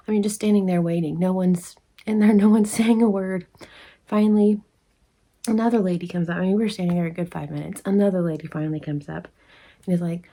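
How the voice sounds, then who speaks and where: A woman's voice: steady tone, quick pace, warm tone. A woman telling a casual storytime to the camera, chatty and acting out the people she quotes. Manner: chatty, acts out quoted people with pitch jumps. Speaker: crochet vlogger. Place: indoors at home, rain outside.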